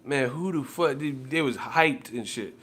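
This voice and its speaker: A man's voice: medium pitch, measured pace, fairly bright tone, slight background noise. A man ranting casually as a boxing commentator, heated and profane, repeating himself. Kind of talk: casual rant.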